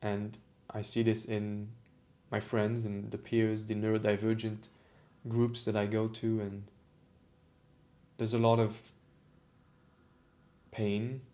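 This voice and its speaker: A man's voice: on the low side, completely flat delivery, takes it slowly, pauses often, darkish tone. A man talking reflectively to camera about his own experience, with frequent restarts, repeated phrases and moments of emotion. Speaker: vlogger on autistic culture. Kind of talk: reflective personal monologue.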